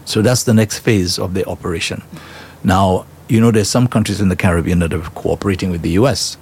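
A man's voice: deep voice, brisk, creaky, darkish tone, slight background noise. A man hosting a current-affairs talk show, opinionated and emphatic, prodding with rhetorical questions.

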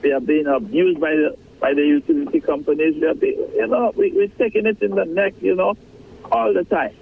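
A man's voice: fairly high pitch, fairly even intonation, fairly quick, gravelly, a little hiss or hum. A Saint Lucian man on a call-in radio show, complaining with emphatic, repeated phrases. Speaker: caller. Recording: phone line.

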